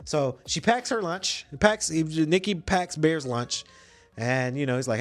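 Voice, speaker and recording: A man hosting a podcast, casually retelling a movie plot in slangy, animated storytelling with some swearing. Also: fairly high pitch, a little slow, soft background music. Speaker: podcast host.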